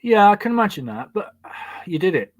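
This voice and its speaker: A man's voice: high-pitched, big pitch swings, moderate pace, a little hiss or hum. A man hosting a casual chat, prompting his guest and reading out listener questions. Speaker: host.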